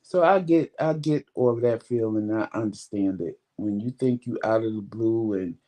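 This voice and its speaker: A man's voice: on the low side, moderate pace, dark tone, no room sound. A man, vlogging and casually telling viewers a long story, acting out the conversations he had. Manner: retells conversations with many quoted lines.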